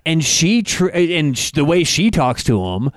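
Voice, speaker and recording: A young man co-hosting a casual podcast, telling a story in a lively, animated way. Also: a little high, measured pace, no echo, clean studio sound. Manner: animated storyteller, acts out quotes. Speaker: podcast co-host. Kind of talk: casual chat.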